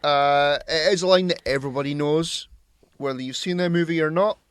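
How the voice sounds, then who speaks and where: A man with a slightly high voice co-hosts a relaxed movie podcast, bantering and teasing his partner. The sound is close and dry, with no room echo. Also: a little fast, clean tone. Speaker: podcast co-host. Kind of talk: casual chat.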